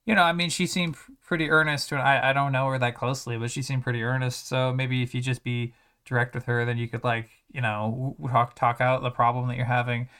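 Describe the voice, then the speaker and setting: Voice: mid-range voice, flat delivery, a little fast, fairly bright tone, clean tone, natural voice. A reviewer voicing a mild, modest teenage schoolboy who talks hesitantly and stammers.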